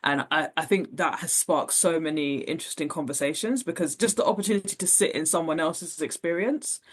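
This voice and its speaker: A woman's voice: deep voice, a little fast, breathy edge. A woman, a podcast guest speaking thoughtfully in a conversational interview, with frequent fillers.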